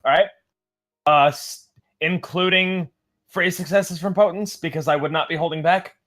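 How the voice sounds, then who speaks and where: Quick, loud man at a tabletop game. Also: on the high side. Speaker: player. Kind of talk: tabletop role-play, rules talk.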